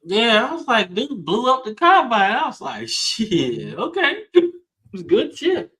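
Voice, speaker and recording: A man's voice: very high-pitched, very animated, measured pace, sharp tone. A man co-hosting a casual football podcast, talking in laid-back slangy banter. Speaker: podcast co-host. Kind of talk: casual sports chat.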